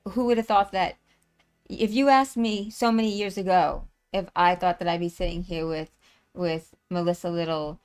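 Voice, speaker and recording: A woman's voice: on the low side, clear, resonant tone. A woman hosting a live stream, talking casually and rambling, with many fillers and restarts. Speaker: livestream host and tour organizer.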